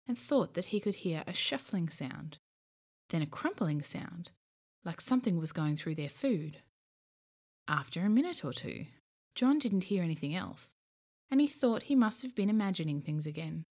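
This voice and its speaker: Expressive woman reading a bedtime story. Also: lowish voice.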